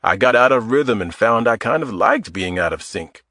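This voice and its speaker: A man's voice: medium pitch, expressive, moderate pace, pushed and bright, no room sound, studio quality. Man doing a wisecracking middle-aged guy. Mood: joking. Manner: wisecracking, easygoing. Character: mid-forties man, joking, sore, affectionate. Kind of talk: audiobook character voice.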